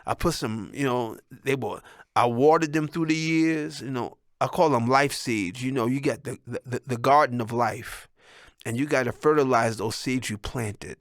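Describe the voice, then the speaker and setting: A man's voice: mid-range voice, normal speed, dry recording, studio quality. A middle-aged man telling personal stories in a rambling, heartfelt way, often ending with "man". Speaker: son of a musician, telling life stories. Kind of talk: casual personal storytelling.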